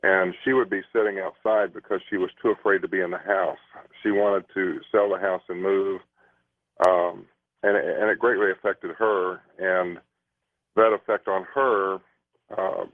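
A male guest haltingly recounting his own experience during an interview. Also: low-pitched, fairly even intonation, dry recording. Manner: hesitant, halting. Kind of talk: personal account in an interview. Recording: phone-line sound.

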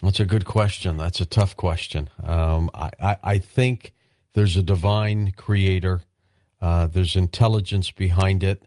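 A man with a fairly low voice hosts a late-night call-in radio program. He speaks in an easygoing, curious way and takes his time with his answers. The studio sound is close and dry. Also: fairly even intonation, a little slow, darkish tone, no echo. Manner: easygoing, curious, thoughtful interviewer. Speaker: radio talk show host. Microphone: studio microphone.

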